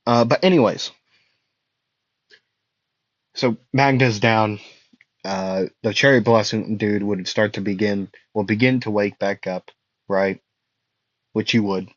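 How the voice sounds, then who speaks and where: A young man rambles through a made-up fan story at an unhurried pace, joking and correcting himself as he goes. His voice sits at an ordinary middle pitch. It comes through a dull, lo-fi home mic with a very dry sound. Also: steady tone, no room sound. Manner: rambling, self-correcting, jokey.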